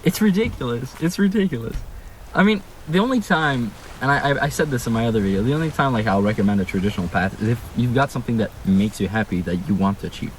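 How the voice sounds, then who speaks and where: Young man, from Canada, emphatic exasperated rant, animated voice, faint background hiss. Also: mid-range voice, quick pace. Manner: exasperated, emphatic ranting with rhetorical questions. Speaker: vlogger. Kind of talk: casual ranting vlog. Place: room at home, indoors.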